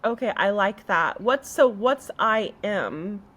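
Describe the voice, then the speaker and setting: A woman's voice: mid-range voice, expressive, takes it slowly, a bit bright. A young woman co-hosting a casual chat, laughing and sounding out made-up words. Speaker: co-host.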